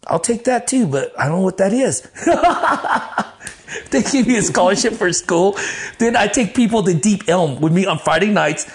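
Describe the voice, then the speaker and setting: A man telling stories as an interview guest, animated and profane, acting out the voices of the people he quotes. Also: high-pitched, moderate pace. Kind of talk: casual storytelling in an interview.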